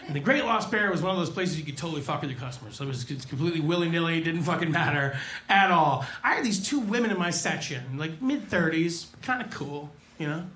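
A man doing a stand-up set, telling crude, deadpan stories about working in restaurants and swearing freely. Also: a little high, fast, reverberant. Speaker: stand-up comedian. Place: comedy club stage.

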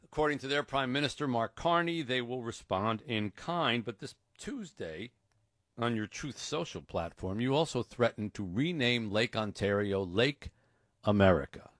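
A man hosting a comedy radio interview, asking brisk questions and playing it straight. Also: medium pitch, animated, a bit bright, no room sound, clean studio sound. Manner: plays it straight, brisk questions, laughs along. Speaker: radio show host.

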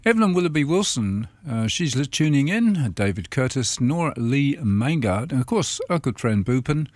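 A man's voice: medium pitch, sing-song, moderate pace, darkish tone, dry recording. A man co-presenting community radio, jovial and playful in casual chat. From Australia.

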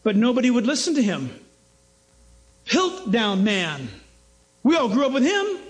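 A man's voice: extremely high pitch, wildly swooping pitch, measured pace, poor audio. A man preaching a sermon as pastor, emphatic and mocking, with rhetorical questions.

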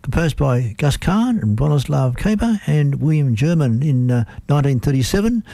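Gravelly Australian radio presenter. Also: male voice, on the high side, animated, normal speed, mellow, no room sound. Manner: chatty, rambling, enthusiastic.

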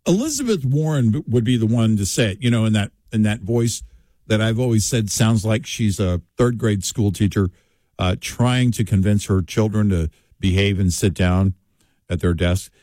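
A man's voice: on the low side, lively intonation, moderate pace, dark tone, dry recording. A middle-aged man co-hosting a talk radio show, emphatic and mocking in his commentary. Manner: emphatic and mocking, puts on sarcastic voices. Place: radio studio.

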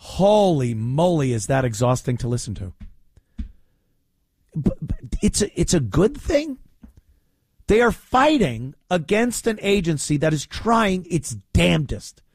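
A man's voice: fairly high pitch, big pitch swings, a little slow, no echo. Sarcastic new guy ranting, voice jumps all over, dead dry mic. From New York. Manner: sarcastic, mocking, exasperated. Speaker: political commentary host. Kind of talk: opinion commentary.

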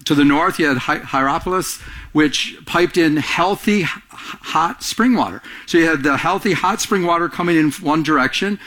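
A man delivering a sermon in a fairly high voice. He preaches with animation and lifts his voice to act out the quotes. He often repeats and restarts his phrases as he goes. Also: moderate pace. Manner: animated preaching, acting out quotes with rising pitch. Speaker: pastor.

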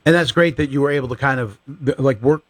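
A man's voice: medium pitch, fast talker, no echo. A man hosting a morning radio show, upbeat and promotional as he wraps an interview and runs a giveaway. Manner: upbeat and promotional, reading out numbers. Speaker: radio host.

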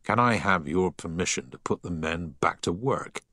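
Man doing dismissive dockyard foreman, curt, low voice, lively swings. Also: moderate pace, no room sound, clean studio sound, full character voice. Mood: blunt.

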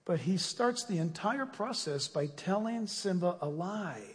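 A male pastor delivering a sermon and then a fervent, loud closing prayer. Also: high voice, lively intonation, measured pace, big-room sound.

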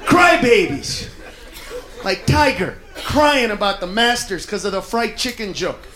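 A man doing a profane, brash stand-up routine on a comedy club stage, often shouting his punchlines. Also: high-pitched, lively intonation, moderate pace. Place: comedy club stage before a laughing crowd. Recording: echoey club, loud crowd laughter.

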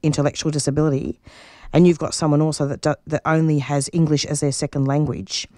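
A middle-aged woman with a low voice speaks in earnest, reflective interview answers. She often starts a phrase over while she searches for the right words. The recording is dry and close, with no room sound. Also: level tone, quick pace, mellow, no room sound. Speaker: radio show producer and interviewee.

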